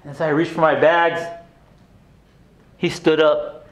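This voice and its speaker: A man performs a haunted former inmate reliving his past in a stage monologue. The voice sits high, drops to hushed confessions and then breaks into raw shouting. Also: fairly even intonation, unhurried, natural voice. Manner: emotional, swings from hushed to shouting. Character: grown man, former abused son, intense and haunted. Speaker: stage actor playing an inmate.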